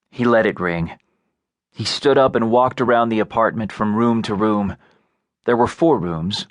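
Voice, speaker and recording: A male narrator reads a novel in a measured, even delivery. His voice sits fairly low, recorded on a close studio mic with a dry, dead sound. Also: dry recording. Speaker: audiobook narrator. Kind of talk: scripted narration.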